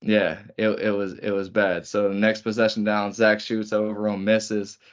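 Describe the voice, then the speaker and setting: A man's voice: on the low side, flat delivery, moderate pace, clear, resonant tone, highs cut off. A man co-hosting a podcast, telling profane stories in casual chat. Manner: profane storytelling. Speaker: podcast co-host.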